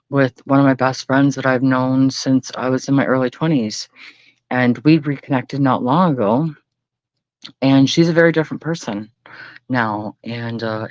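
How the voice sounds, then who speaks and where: A man's voice: medium pitch, no echo, muffled recording. A man hosting a late-night livestream, talking earnestly and rambling, often swearing. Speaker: livestream host.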